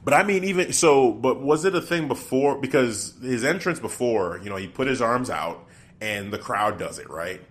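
A man's voice: medium pitch, lively intonation, moderate pace, fairly bright tone. A man co-hosting a casual podcast chat, thinking aloud and often breaking off to restart his sentences.

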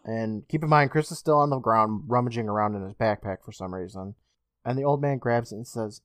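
A man co-hosting a podcast, recapping an episode in animated storytelling style, laughing often and swearing casually. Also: lowish voice, a little fast, no room sound, clean studio sound. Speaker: podcast co-host.

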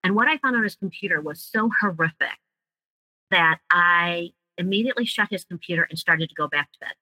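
Bright, dry-voiced woman telling her story. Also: on the low side, brisk, dry recording, rough recording. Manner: earnest, vivid storytelling. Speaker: guest. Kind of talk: personal story in interview.

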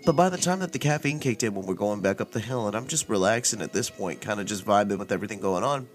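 A man's voice: fairly low pitch, lively intonation, fast talker, faint music behind. A man hosting a casual storytelling podcast, telling a story in a laid-back, rambling, profane way. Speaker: podcast host.

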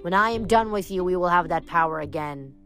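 A woman reading aloud, voicing a bitter, vengeful ancient female water nymph in a slow, menacing way. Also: on the low side, a bit bright, faint music behind, lightly acted.

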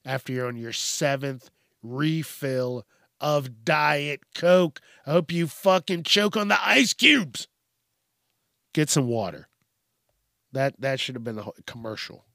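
A man's voice: fairly high pitch, expressive, unhurried, vocal fry, sharp tone, no echo, clean studio sound. A man hosting a podcast alone, ranting in a profane, casual way and briefly mimicking people. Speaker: podcast host. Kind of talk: casual solo rant.

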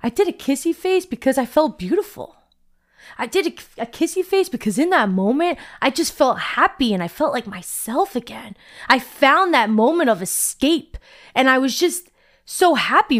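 A woman's voice: high-pitched, lively intonation, normal speed, fairly bright tone. A young woman vlogger telling a personal story in a candid, chatty way, often saying "like".

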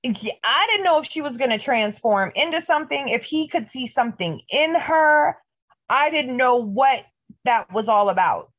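Female co-host, higher voice, lively and cussing as she recaps, dull lo-fi audio. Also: moderate pace. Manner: animated, profane, storytelling. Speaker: podcast co-host. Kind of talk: casual TV episode recap chat.

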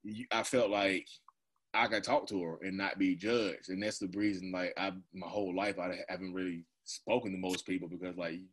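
A man's voice: deep voice, steady tone, moderate pace, husky. A man in his thirties talking casually and candidly as an interview guest, rambling, laughing often and acting out his own remarks. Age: 30s. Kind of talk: candid personal conversation.

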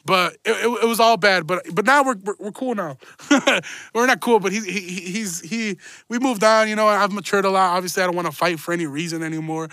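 A young man with a high, bright voice hosts a podcast and tells a story in loose, slangy, profane talk, laughing as he goes. The sound is dry and close, with no room around it. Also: a little fast, no echo. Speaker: podcast host. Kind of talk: casual storytelling.

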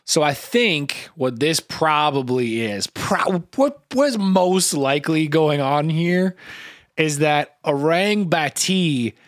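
A man co-hosts a podcast in loose, comedic chat, wandering through his thoughts, swearing freely and breaking into laughter. His voice sits a bit higher than most men's. The sound is dry and close, with no room echo. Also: fairly bright tone. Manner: profane, rambling, laughs often. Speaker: podcast co-host guessing cryptids.

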